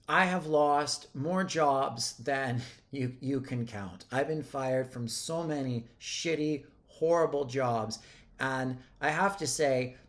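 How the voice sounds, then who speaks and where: A man in his thirties, a life coach talking to camera in a blunt, emphatic way and swearing freely. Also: mid-range voice. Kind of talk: casual monologue to camera.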